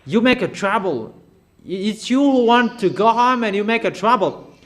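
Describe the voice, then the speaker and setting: Guy preaching a sermon, pretty high voice, keeps repeating himself, declaiming. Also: animated, normal speed, fairly bright tone. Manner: repetitive, declamatory.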